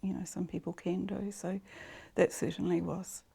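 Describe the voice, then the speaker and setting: A woman speaks in a conversational interview, her voice low on brightness and gravelly with fry. She keeps her pitch fairly flat and steady as she goes through the details in a measured way. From New Zealand.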